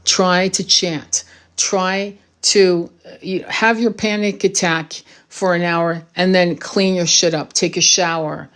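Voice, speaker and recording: A woman's voice: fairly low pitch, steady tone, slow, fairly bright tone. A woman giving an impassioned spiritual monologue to her audience, blunt and profane, with emphatic rhetorical asides. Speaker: spiritual channel host.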